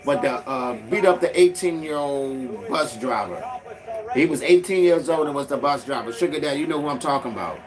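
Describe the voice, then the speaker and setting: Co-host, man, higher voice with a lively swinging delivery, loose joking reaction chatter. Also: brisk. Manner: animated, loose and joking, many fillers. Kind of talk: casual reaction chat.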